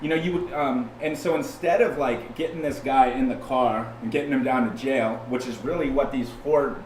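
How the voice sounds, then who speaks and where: A man from California, a podcast guest, telling a story in a casual, animated way, often restarting and acting out the people he quotes. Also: mid-range voice, moderate pace, slight background noise. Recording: roomy sound from a distant mic, faint ambience.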